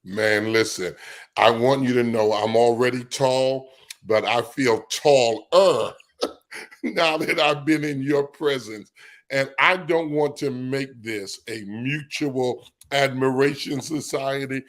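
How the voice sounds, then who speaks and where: A man, a bishop being interviewed, talking in an affectionate, relaxed way with fillers and chuckles. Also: medium pitch, slow. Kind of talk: casual chat.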